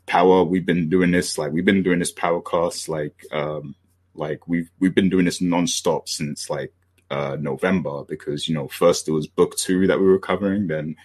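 A man's voice: sits low, fairly even intonation, normal speed, a little mellow, husky. A British man hosting a podcast, chatting casually and rambling with many fillers and restarts. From Britain. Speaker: podcast host.

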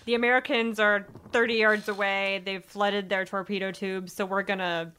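Woman in her 30s, bright tone, chatty co-host who laughs a lot. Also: medium pitch, level tone, normal speed, clean tone. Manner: chatty, many "like" fillers, laughs easily. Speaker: podcast co-host. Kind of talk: casual film discussion.

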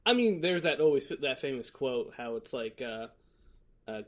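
A man's voice: mid-range voice, sing-song, normal speed. A man co-hosting a podcast in casual, joking chat, loose and profane, laughing often. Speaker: podcast co-host. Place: lives in Florida.

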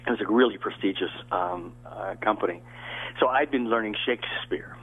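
An older Southern American actor, appearing as a guest in a casual interview, tells rambling anecdotes over what sounds like a phone line. His voice is fairly low and slightly rough, at a normal speed, and he restarts his sentences often.

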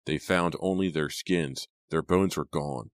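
A man voicing a stern, angry middle-aged father who speaks slowly through clenched teeth. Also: rumbling low, no room sound. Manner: slow, clenched, menacing.

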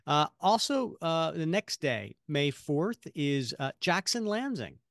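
A man's voice: on the high side, very animated, slow pace, creaky, fairly bright tone, dry recording, clean studio sound. A man co-hosting a podcast in casual chat, rambling with many fillers and restarts. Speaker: podcast co-host.

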